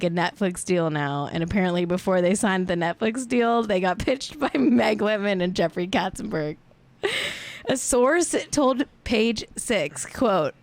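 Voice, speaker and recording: A woman hosting a casual celebrity gossip livestream, playful and self-mocking. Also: mid-range voice. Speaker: host.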